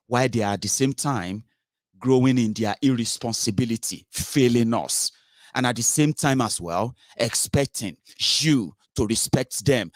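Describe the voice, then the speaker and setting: A Nigerian man rants in a casual, animated monologue, mixing in Pidgin and Yoruba phrases. His voice sits at a middle pitch. The sound is dry and close, with no room echo. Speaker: political commentator.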